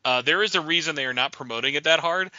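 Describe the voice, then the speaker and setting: A man hosting a gaming podcast in casual chat, animated and quick to laugh. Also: fairly high pitch, dry recording. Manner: animated, laughing, imitates others. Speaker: podcast host. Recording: dull lo-fi audio.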